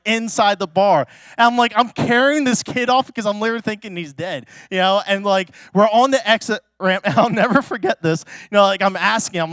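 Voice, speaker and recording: A male pastor preaching a sermon through a personal story, chatty and full of fillers, with sudden excited exclamations. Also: high voice, clear, resonant tone, dry recording, studio quality. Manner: casual and chatty, many fillers like "like" and "you know"; animated, bursts into loud excited exclamations.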